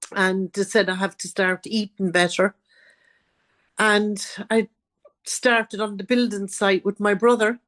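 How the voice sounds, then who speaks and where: A woman's voice: mid-range voice, a bit bright. An Irish woman, a guest author, telling her own life story in an interview and acting out what others said. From Ireland.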